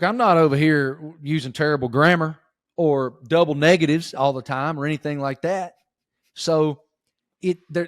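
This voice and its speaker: This higher-voiced man is a folksy sports reporter from Giles County, Virginia, with a Southern Appalachian accent, guesting in a casual interview chat. He's emphatic and keeps calling the host "bro" and "dude." The sound is studio quality, free of echo.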